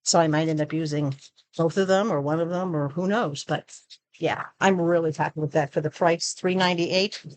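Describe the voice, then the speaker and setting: A woman's voice: sits low, fairly even intonation, moderate pace. A woman chatting casually through a product unboxing, showing each item as she talks. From Arizona. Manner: chatty, shows items while talking. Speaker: product review vlogger.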